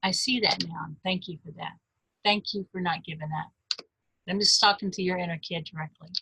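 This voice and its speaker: Bright-voiced woman coaching gently. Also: fairly low pitch, steady tone, fairly quick, gravelly, slightly rough, dry recording, rough recording. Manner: gentle, earnest, speaks straight to the listener. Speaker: life coach. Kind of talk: coaching webinar talk.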